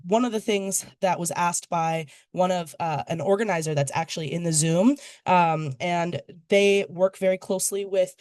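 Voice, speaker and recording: A moderator guiding a panel discussion and asking questions in a relaxed, conversational way, with many pauses and fillers. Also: mid-range voice, dry recording.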